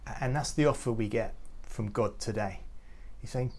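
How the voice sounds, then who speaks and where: A man giving an earnest, reflective devotional talk to youth leaders, often halting and repeating words as he goes. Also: mid-range voice, expressive, darkish tone. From United Kingdom. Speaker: youth ministry speaker.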